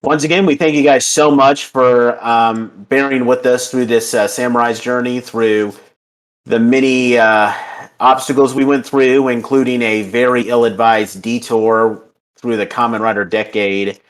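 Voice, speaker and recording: A man of middling pitch hosts a casual podcast chat. He talks loosely, with frequent ums and uhs as he wraps up the episode. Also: steady tone, unhurried. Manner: filler-heavy, with many ums and uhs. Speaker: podcast host.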